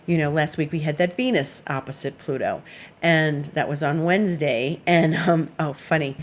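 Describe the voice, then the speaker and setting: Low-voiced woman astrologer, chatty. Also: fairly even intonation, normal speed. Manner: chatty and meandering, laughs while telling stories. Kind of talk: casual weekly astrology forecast.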